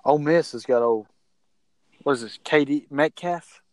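A man's voice: fairly high pitch, normal speed, dry recording, low-quality recording. A man co-hosting a casual sports picks podcast, talking in a rambling, chatty way. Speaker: podcast co-host.

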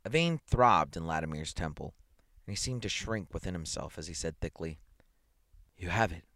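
A man reading a science fiction story aloud in a measured, dramatic way. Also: low-pitched, lively intonation, a bit bright, no room sound, studio quality. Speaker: reader.

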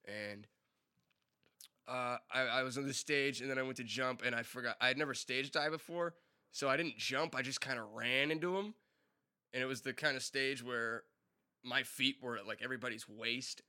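A young man in his twenties hosts a casual solo podcast. His voice is very bright and forward, and he rambles through his stories in a relaxed way, swearing freely and chuckling at himself. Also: medium pitch, moderate pace. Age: mid 20s. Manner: rambling, laid-back, swears freely, laughs at own stories. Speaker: podcast host.

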